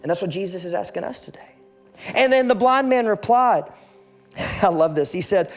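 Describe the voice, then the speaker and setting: High-voiced animated male preacher. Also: moderate pace, pauses often, soft background music. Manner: animated, acts out the quoted voices of the story. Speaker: pastor. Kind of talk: sermon.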